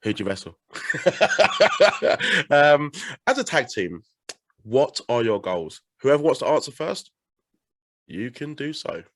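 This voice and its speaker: A man's voice: on the high side, sing-song, slow pace, pauses often, fairly bright tone, no echo. A man with an English accent hosting a podcast interview, teasing his guests with mock offence. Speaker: podcast host.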